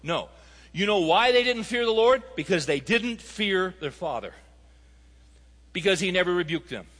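A man's voice: high-pitched, animated, normal speed, fairly bright tone, in a large hall. A man preaching a sermon, telling stories and rising to emphatic appeals to his listeners. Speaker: pastor.

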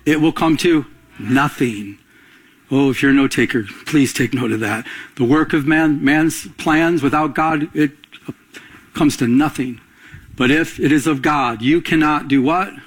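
Husky-voiced man preaching a sermon. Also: mid-range voice, measured pace. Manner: call-and-response preaching, rising to emphatic climaxes. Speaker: pastor.

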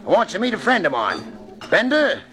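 An actor playing a boastful, hearty master thief in 1940s radio acting. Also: male voice, high-pitched, wildly swooping pitch, brisk, pushed and bright, soft background music, full character voice. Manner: hearty, laughing, bossy and boastful. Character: boastful gravelly male master thief, middle-aged.

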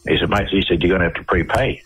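A middle-aged Australian man with a low, husky voice talks as a guest on a radio interview. He tells his stories in a loose, rambling way, doubling back and repeating words as he goes. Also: rapid-fire, a bit bright, poor audio. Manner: rambling, repeats and restarts phrases. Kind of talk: casual storytelling on a radio interview.

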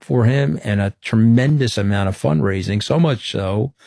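Low-voiced man telling an animated story. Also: moderate pace, creaky, dry recording, clean studio sound. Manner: animated storyteller, acts out quoted dialogue. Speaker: interview guest. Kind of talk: conversational interview storytelling.

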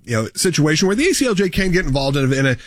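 A man hosting a talk radio show, making an earnest, energetic appeal with repeated points. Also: rapid-fire, no room sound, studio quality. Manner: earnest, energetic pitch with repetitions.

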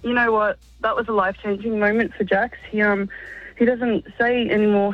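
A woman's voice: medium pitch, level tone, a little fast, no room sound, soft background music. A woman calling in to a radio show, telling a heartfelt story with emotion. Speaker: caller. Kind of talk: phone-in call. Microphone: phone. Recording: tinny dry phone line.

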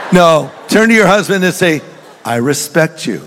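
Older male pastor, folksy storytelling sermon, slightly high voice, reverberant hall. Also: expressive, normal speed, background noise.

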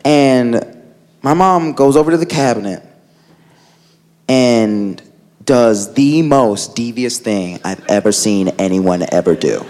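A man doing a stand-up routine, acting out family members in animated voices. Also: mid-range voice. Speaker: stand-up comedian. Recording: live club recording with crowd noise.

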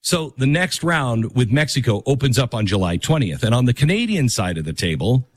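A man's voice: mid-range voice, sing-song, brisk, no room sound. A man hosting a talk radio show, chatting in a loose, rambling way with lots of ums and restarts. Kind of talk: casual talk radio monologue.

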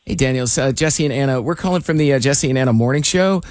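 A man's voice: medium pitch, fast talker, darkish tone, no room sound, clean studio sound. A man hosting a morning radio show, chatty and upbeat, leading a call-in segment with a few fillers.

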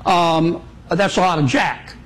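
Male senator, high pitch, folksy, plainspoken, halting with ums and uhs. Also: fairly bright tone, rough recording. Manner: folksy, plainspoken, with frequent filler pauses. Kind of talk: interview remarks.

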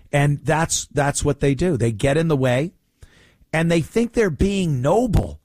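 Sarcastic New man with lively pitch. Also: dry recording. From New York. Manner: sarcastic, mocking, exasperated. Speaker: political commentary host. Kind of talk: opinion commentary.

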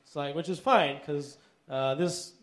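A man in his thirties delivering stand-up one-liners in a deadpan way, with filler "uh"s. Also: a little high, unhurried. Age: 30s. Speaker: stand-up comedian.

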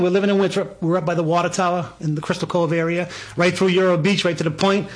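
Guy in his 40s, husky, kinda high voice, telling a story all worked up. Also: quick pace, few pauses. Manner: excited, animated storyteller acting out dialogue. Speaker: guest. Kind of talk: testimony storytelling.

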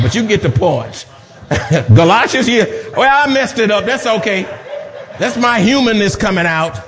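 A man's voice: sits high, big pitch swings, measured pace, a bit bright. A man preaching a sermon as pastor, emphatic and repetitive with joking asides. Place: church sanctuary.

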